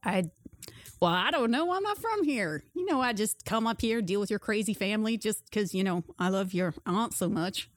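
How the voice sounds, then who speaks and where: A woman's voice: medium pitch, lively intonation, normal speed, no room sound, close to an everyday voice. A woman doing a laid-back drawling uncle. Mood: wry. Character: easygoing middle-aged smoking uncle from Texas.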